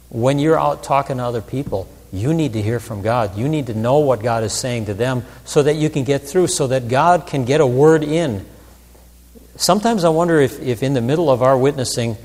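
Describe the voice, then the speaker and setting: A man's voice: mid-range voice, darkish tone, in a large hall. A man preaching as a pastor, in an earnest, conversational sermon with frequent restarts.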